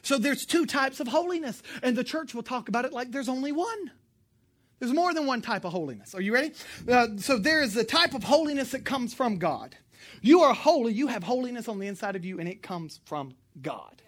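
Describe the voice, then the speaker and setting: A woman preaching a sermon in a lively, emphatic way, with joking asides and sudden bursts of loud emphasis. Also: a little high, brisk.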